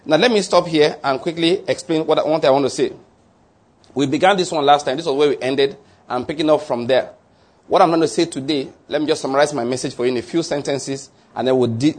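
Husky-voiced man preaching a sermon. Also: on the high side. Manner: reads scripture then explains slowly, with restarts and "all right?".

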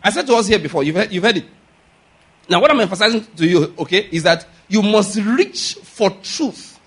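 Male preacher, high voice, emphatic sermon delivery, asks questions and waits for answers. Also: expressive, normal speed, fairly bright tone, slightly rough. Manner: emphatic, asks rhetorical questions and repeats key lines; calls for audience responses.

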